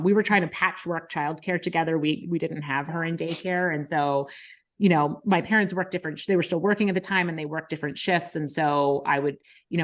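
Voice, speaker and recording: A woman in her thirties, a podcast host, frankly telling a personal story in casual conversation, with many fillers. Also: low-pitched. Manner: frank, many likes and ums, emotional retelling.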